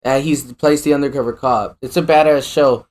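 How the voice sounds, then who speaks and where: A man's voice: mid-range voice, fairly even intonation, normal speed. A man with a middle-range voice co-hosts a podcast. He talks in loose, profane, rambling stories. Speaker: podcast co-host. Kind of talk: casual chat.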